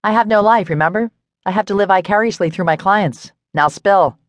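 A woman's voice: mid-range voice, brisk, no echo, pitched above the performer's own voice, close to an everyday voice. A woman voicing a nosy, teasing woman who works as a stylist, with a playful, prying manner, in an audiobook.

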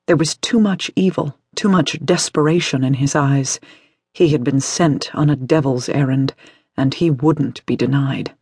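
A man narrating an audiobook in a steady, dramatic way. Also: fairly high pitch, breathy edge, no echo, clean studio sound.

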